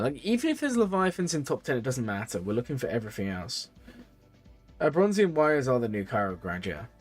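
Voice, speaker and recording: Chatty man with a lively voice. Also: husky. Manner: chatty, rambling, repeats phrases, lively pitch. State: tired, yawning. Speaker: streamer reviewing game accounts. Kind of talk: casual live-stream advice.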